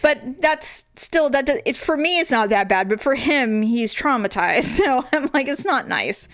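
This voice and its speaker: A woman in her forties with a fairly high voice tells a story on a podcast, bouncing into quoted voices and laughing as she goes. The sound is dry and close, with no room around it. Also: a little slow, no echo. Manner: animated, acts out quoted voices, laughs often. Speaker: podcast co-host. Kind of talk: casual storytelling chat.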